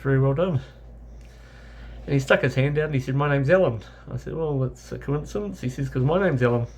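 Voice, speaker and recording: Kiwi guy rambling thru a travel story, bit gravelly, faint hum behind him. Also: medium pitch, a little fast, darkish tone. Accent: New Zealand. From New Zealand. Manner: rambling anecdotal, with many self-corrections and fillers. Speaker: travel vlogger.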